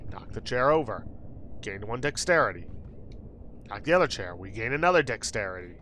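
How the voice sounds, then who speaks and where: Bright-voiced man reading game text. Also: lowish voice, lively intonation, brisk, slight background noise. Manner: reads game text aloud, wry asides. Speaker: let's play host. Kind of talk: game playthrough commentary.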